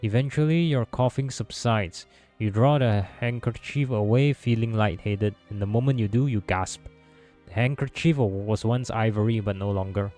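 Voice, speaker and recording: Low mellow man reading a story game. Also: moderate pace, soft background music. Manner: steady second-person narration with small stumbles. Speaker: gameplay narrator. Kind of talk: reading a visual novel aloud.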